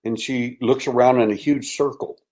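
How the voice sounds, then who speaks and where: An older man speaks as a podcast guest at an ordinary, middle pitch. He tells his story haltingly, full of restarts, and often sinks into a hushed, dramatic tone. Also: fairly even intonation, poor audio. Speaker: interview guest, abduction researcher.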